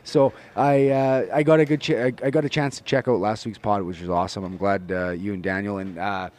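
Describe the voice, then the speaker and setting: A man co-hosting a casual podcast, relaxed, often trailing off quietly. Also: on the low side, fairly quick. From Canada. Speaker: podcast co-host. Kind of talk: casual chat.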